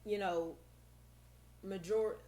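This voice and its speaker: A woman therapist, a guest on a podcast, explaining in a lively, casual way and acting out how she talks with her young clients. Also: medium pitch, extremely slow.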